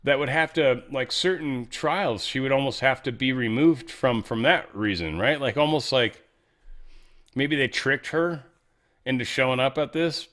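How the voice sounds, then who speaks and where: A man's voice: medium pitch, a little slow, fairly bright tone. A middle-aged man hosting a casual talk show, rambling and sarcastic, often stumbling and restarting his sentences. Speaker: host. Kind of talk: casual political talk and product pitch.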